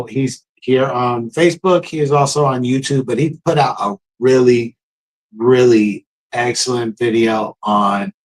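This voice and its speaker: A middle-aged man co-hosting a live stream in relaxed, conversational chat, giving shout-outs. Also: mid-range voice, low-quality recording. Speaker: live show co-host.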